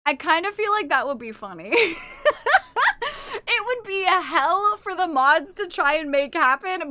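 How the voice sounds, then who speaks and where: A young adult woman streaming live, chatting casually with her chat. She teases and swears and reacts quickly to what chat says. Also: sits high, bright, forceful tone, dry recording. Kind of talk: casual livestream chat, reading and answering chat.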